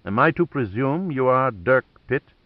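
A man's voice: medium pitch, lively intonation, normal speed, no room sound, narrow, tinny audio, lightly acted. A man voicing a cold, menacing male gang enforcer who speaks tightly and clipped.

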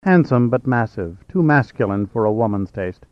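A man voicing a confident, flirtatious adult woman with a direct, brisk manner. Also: medium pitch, animated, no echo, close to an everyday voice. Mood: teasing. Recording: slightly dull, dry.

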